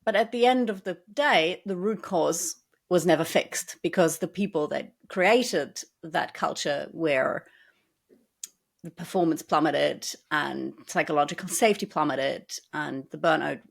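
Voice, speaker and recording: A woman's voice: low-pitched, unhurried, vocal fry. Woman explaining workplace leadership at length. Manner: explains at length, dry sarcastic asides. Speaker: podcast co-host. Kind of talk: conversational podcast talk.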